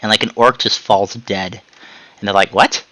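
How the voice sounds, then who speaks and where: A man's voice: on the low side, moderate pace, no room sound, rough recording. A man hosting a podcast, chatting casually and telling jokey stories with sound effects. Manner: joking, animated storytelling with sound effects. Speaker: podcast host. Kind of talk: casual chat.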